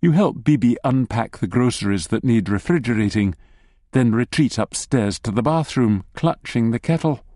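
A man's voice: mid-range voice, animated, moderate pace, mellow, no echo. A man narrating an audiobook in the second person with a wry, dry humour.

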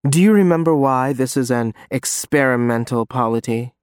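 A man voicing a menacing adult man in an audiobook, speaking low and urgent. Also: moderate pace, smooth, no echo, studio quality, close to an everyday voice. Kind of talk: audiobook character voice.

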